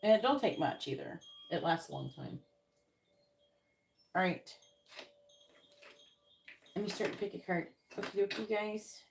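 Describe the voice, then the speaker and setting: A woman's voice: medium pitch, expressive, measured pace, gravelly, long pauses, a little hiss or hum. A tired woman hosting a tarot live stream, chatting casually and rambling, with many ums and self-corrections.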